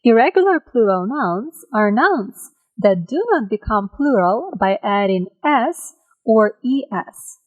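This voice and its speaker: Slow, careful woman teaching grammar. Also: on the high side, lively intonation, narrow, tinny audio. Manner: slow, careful, drawn-out example words; checks in with listeners by asking "right?". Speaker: English teacher. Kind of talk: grammar lesson for learners.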